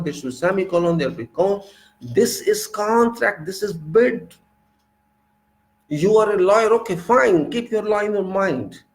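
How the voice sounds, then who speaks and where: A civil engineer with an Indian English accent lectures in a gravelly, rather high voice. He argues hard and keeps firing rhetorical questions at his listeners. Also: low-quality recording. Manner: emphatic and argumentative, full of rhetorical questions. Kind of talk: informal lecture.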